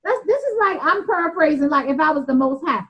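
A woman with a Southern US drawl leads an informal Bible study in a high, earnest voice. She talks plainly, circling back and restarting her words as she explains them. The sound is muffled and lo-fi. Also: animated, fairly quick, fairly bright tone. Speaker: Bible teacher.

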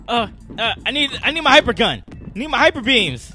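Young male let's-play host, bright and high, all over the place in pitch, excitable with frequent yells; faint music bed. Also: brisk. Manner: excitable, shouts and groans at the game, swings high and low. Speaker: gaming channel host.

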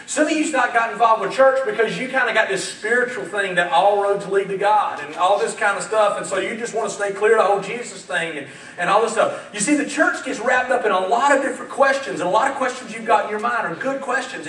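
A man preaching a lively sermon, acting out dialogue and getting fired up as he speaks. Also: sits high. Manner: animated, acts out dialogue, gets fired up. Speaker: pastor. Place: church sanctuary. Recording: echoey church sanctuary, mic at a distance.

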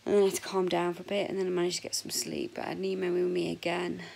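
A woman in her forties with a husky voice, chatting frankly and jokily to camera in a casual vlog, sometimes dropping to a whisper. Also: fairly low pitch, level tone, racing, darkish tone, poor audio. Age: 40s. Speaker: vlogger.

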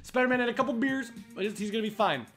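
A gaming streamer doing excitable let's play commentary, swearing a lot and laughing loudly. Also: medium pitch, racing, soft background music.

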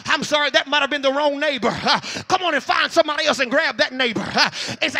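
Southern male preacher, very high voice, sharp and bright, shouting sermon, drops in "uh" constantly. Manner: shouting, fills pauses with "uh". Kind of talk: revival sermon.

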